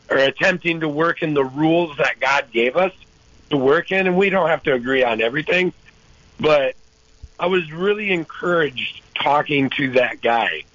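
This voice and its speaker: A man calling in to a talk show, telling a story in a rambling, halting way with lots of restarts. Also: on the high side, a bit bright, no echo. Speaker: caller. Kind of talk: casual storytelling. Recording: dull lo-fi phone-in audio.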